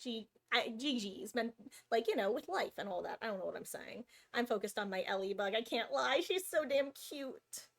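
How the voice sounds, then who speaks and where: A woman's voice: fairly high pitch, lively intonation, fairly quick, creaky, fairly bright tone. A woman streaming live, chatting casually and cooing over her cat between game talk.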